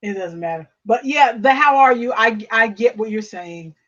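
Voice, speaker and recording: A woman co-hosting a casual chat over a video call, speaking in a relaxed, laid-back way. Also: a little high, normal speed. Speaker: podcast co-host. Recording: muffled video call audio.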